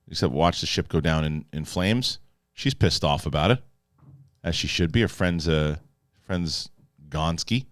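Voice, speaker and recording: A man doing a casual spoiler review of a TV episode, animated and joking, with loose profane talk and bits where he acts out the characters. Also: on the low side, no echo, clean studio sound. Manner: animated, acts out characters in quick put-on voices. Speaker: film and TV reviewer.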